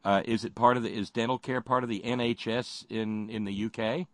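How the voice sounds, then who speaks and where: A man's voice: mid-range voice, fairly even intonation, a little fast, no echo. A man hosting a casual talk show, joking and teasing his co-hosts in easygoing banter. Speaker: show host.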